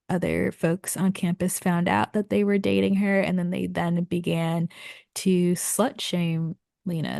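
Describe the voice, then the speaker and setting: A woman co-hosting a book podcast in a casual, conversational way. Her low voice has a gravelly fry, and the sound is dry and close with no room echo. She fills her summaries with easy fillers. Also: a little mellow. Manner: conversational, frequent fillers and quick agreement. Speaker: podcast co-host. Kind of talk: casual book recap chat.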